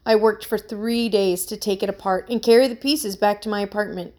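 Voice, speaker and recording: A woman's voice: medium pitch, steady tone, brisk, dark tone, close to an everyday voice. Woman voicing an anxious young man, pleading. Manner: earnest and pleading. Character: anxious young man, a struggling musician accused of theft.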